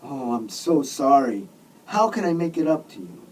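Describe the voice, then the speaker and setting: A man's voice: mid-range voice, sing-song, moderate pace, darkish tone, far from the mic, poor audio. A man voicing a remorseful bearded man who blubbers apologies and earnest prayers. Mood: pleading. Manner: weepy, apologetic, earnest praying.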